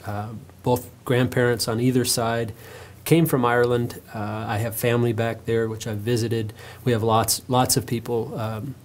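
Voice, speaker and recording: An American man, an author, talking about himself in an interview, telling stories in a relaxed, self-mocking way with fillers. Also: medium pitch. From United States. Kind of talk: interview monologue, telling anecdotes.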